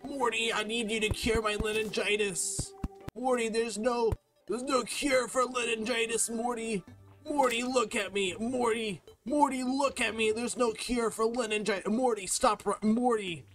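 A frantic old mad scientist, as a man puts him on, yelling in a shrill, strained voice pitched well above the speaker's own. He sounds louder and more forceful than the plain talk around him. Game music plays behind. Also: steady tone, measured pace.

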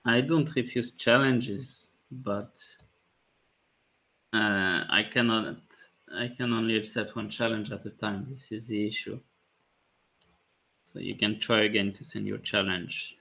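A man, a chess grandmaster calmly thinking aloud about his moves during a live stream, with light jokes. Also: fairly low pitch, unhurried, creaky. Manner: calm, thinking aloud move by move, light joking. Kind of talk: live-stream commentary on his own play.

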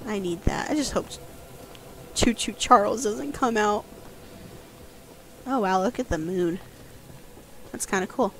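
A woman's voice: mid-range voice, a little slow, pauses often, a little hiss or hum. Jumpy woman narrating a horror game. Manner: jumpy, yelps and squeals when scared. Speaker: guest gaming host. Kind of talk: casual let's-play commentary.

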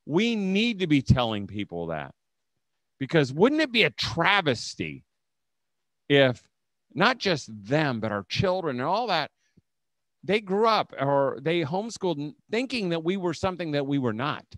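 A man's voice: on the high side, sing-song, measured pace, fairly bright tone, no room sound. A middle-aged man giving a conversational talk to homeschool leaders, telling stories and acting out quotes. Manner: conversational storytelling, acts out quotes. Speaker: speaker at a homeschool leaders' event. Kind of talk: conference talk.

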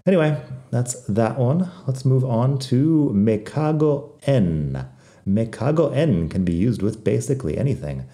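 A man teaching Spanish slang in a relaxed, wry, conversational podcast lesson, with a non-native accent when he says the Spanish words. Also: mid-range voice, a little slow. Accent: non-native Spanish accent when speaking Spanish.

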